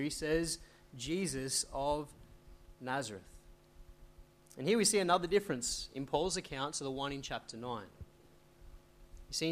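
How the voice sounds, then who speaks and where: A man's voice: fairly high pitch, a bit bright. A man preaching an expository sermon, reading scripture aloud and asking questions he then answers. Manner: explains, asks rhetorical questions and answers them; reads scripture aloud in old wording. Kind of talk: expository Bible teaching.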